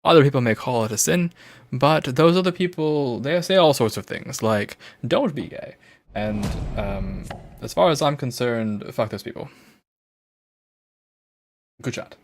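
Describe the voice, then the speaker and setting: Gravelly-voiced playful male streamer. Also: mid-range voice, animated, moderate pace. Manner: playful, rambling, slips into a put-on British accent. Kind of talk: casual gameplay commentary.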